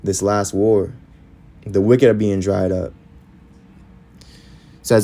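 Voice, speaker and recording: A man's voice: lowish voice, steady tone, a little slow, long pauses, dark tone. A man preaching, reading scripture verses aloud and following each with short, emphatic comments.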